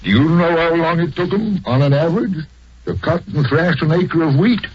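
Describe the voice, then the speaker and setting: A chatty old farmer. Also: male voice, fairly high pitch, moderate pace, slightly rough. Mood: folksy. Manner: folksy, storytelling, lively. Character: talkative older English farmer. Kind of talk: 1940s radio acting. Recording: dull old radio recording.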